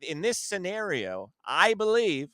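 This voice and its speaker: A man, a comedian podcast host, in casual chat, telling a story in an animated way and defending his side emphatically. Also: high voice, measured pace, no echo, clean studio sound.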